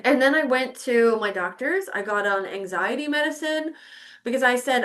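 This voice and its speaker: Middle-aged woman host, a touch high-pitched, casual storyteller, blunt and expressive, acts out her own reactions. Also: moderate pace. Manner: candid, swears freely, acts out her own past reactions. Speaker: podcast host.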